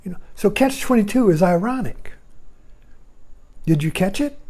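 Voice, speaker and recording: A man's voice: sits high, lively intonation, normal speed, warm tone. A man giving a rambling, casual talk, chuckling often and breaking off mid-sentence. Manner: chuckling, digressive, self-interrupting. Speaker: speaker on Zen and irony.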